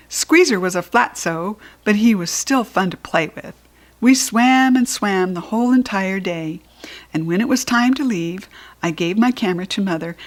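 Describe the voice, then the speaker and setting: A woman with an American accent reading a children's book aloud, clear and expressive. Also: mid-range voice. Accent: General American. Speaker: storybook reader.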